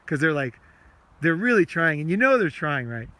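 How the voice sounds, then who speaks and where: Recorded outdoors on a walk, this self-help podcast host has a slightly high, bright, forceful voice with a sing-song lilt at a moderate pace. He rambles casually, repeats himself, swears a lot, and performs his inner rants aloud.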